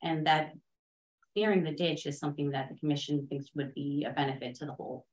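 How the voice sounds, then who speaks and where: Low-voiced woman in an echoey meeting room. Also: fairly even intonation, a little mellow. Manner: measured, hedging, technical. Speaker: consultant presenting to a town board. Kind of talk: public meeting discussion.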